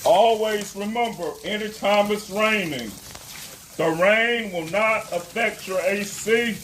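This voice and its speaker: A man's voice: high voice, a bit bright, slight background noise. A man filming a casual how-to vlog on his phone, earnest and devout, often stammering and correcting himself. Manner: halting, stammering, self-correcting. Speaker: homeowner vlogger.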